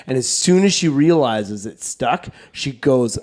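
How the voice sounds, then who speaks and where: A man's voice: medium pitch, measured pace, hardly any pauses, darkish tone. A man co-hosting a comedy podcast, telling a long story in a loose, rambling way, full of fillers and casual swearing. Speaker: podcast co-host.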